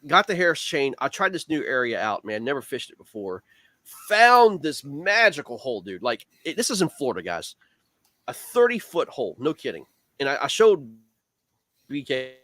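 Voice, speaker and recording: A man's voice: medium pitch, moderate pace, no echo. A man on a video call, telling a long fishing story in a casual, rambling way, full of "man" and "dude". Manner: rambling, animated, lots of fillers like "man" and "dude". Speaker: guest angler.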